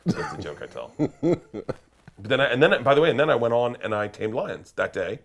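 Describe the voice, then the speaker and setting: A man telling a wild story as a guest, laughing and acting out quotes with sudden shouts. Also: mid-range voice, very animated, brisk, creaky. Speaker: comedian guest. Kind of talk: animated storytelling.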